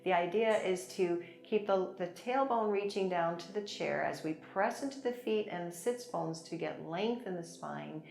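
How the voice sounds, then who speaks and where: A woman teaching a chair yoga class, gently guiding breaths and movements with encouragement and light laughs. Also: on the low side, moderate pace, gravelly, few pauses. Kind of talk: guided yoga class instruction. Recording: echoey room with soft music. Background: soft background music.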